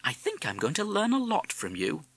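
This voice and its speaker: A kindly middle-aged mother who loves to cook, eager and sing-song, as a male reader puts her on. The voice is pushed far up in pitch and leaps about animatedly. The sound is clear and dry, close to the mic. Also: huge pitch swings, moderate pace, a bit bright, no echo, full character voice. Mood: warm, eager.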